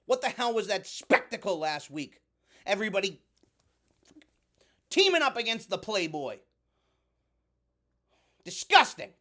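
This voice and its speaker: A man's voice: high-pitched, sing-song, unhurried, pauses often, sharp tone, full character voice. A man playing a brash wrestler who calls himself the god of fire, delivering a blustering, indignant heel promo.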